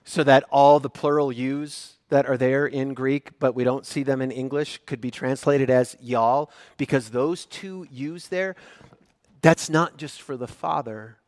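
A man's voice: mid-range voice, steady tone, measured pace, darkish tone, no room sound. A pastor preaching a sermon, a man who retells the scripture story with growing emphasis.

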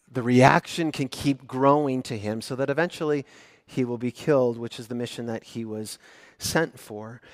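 A man's voice: medium pitch, no echo. A pastor preaching a sermon, a man who retells the scripture story with growing emphasis.

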